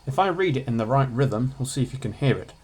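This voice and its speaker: A man's voice: medium pitch, lively intonation, fast, darkish tone, breathy edge. A teenage boy, giving a casual, offhand revision lesson with jokey asides. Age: teens. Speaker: student revising on his channel.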